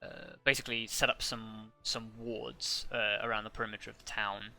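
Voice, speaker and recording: A man's voice: lowish voice, little pitch movement, normal speed, vocal fry, bright, forceful tone, faint music behind, heavily acted. A man voicing a deferential male wizard ranger who speaks courteously and hesitantly, full of fillers and restarts.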